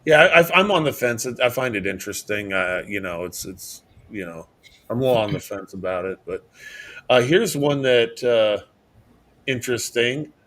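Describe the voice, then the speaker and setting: A man's voice: medium pitch, moderate pace, a bit bright. Guy co-hosting a podcast, hesitant, lots of um and you know, casual chat. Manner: hesitant, many fillers and restarts. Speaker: podcast co-host. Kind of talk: casual chat reacting to videos.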